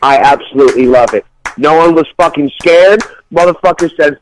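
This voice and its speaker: A man's voice: a little high, brisk, poor audio. A man from New York co-hosting a talk radio show, blunt, profane and opinionated in casual banter.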